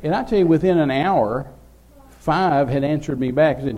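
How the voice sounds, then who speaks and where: A man's voice: on the high side, moderate pace, warm tone, dull audio. An older man, telling a rambling, folksy story as a preacher. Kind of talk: sermon storytelling.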